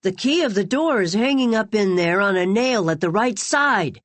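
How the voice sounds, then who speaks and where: A woman's voice: medium pitch, animated, measured pace, a bit bright, no echo. A woman voicing a protective young boy who speaks in a firm, earnest voice.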